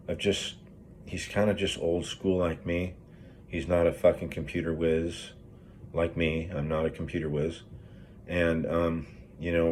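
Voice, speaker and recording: Deep-voiced grieving man, rambling and profane. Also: a little mellow, a little hiss or hum. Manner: rambling, profane, many fillers and restarts. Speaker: project manager in recovery. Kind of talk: candid personal vlog.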